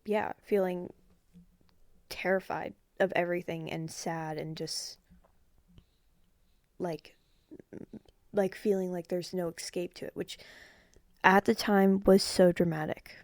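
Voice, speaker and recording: A woman's voice: lowish voice, fairly even intonation, slow, pauses often, darkish tone, dry recording. A young woman chatting casually on a podcast, trailing off often and joking about herself. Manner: self-mocking, trailing off with frequent "like". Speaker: podcast guest. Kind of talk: casual chat.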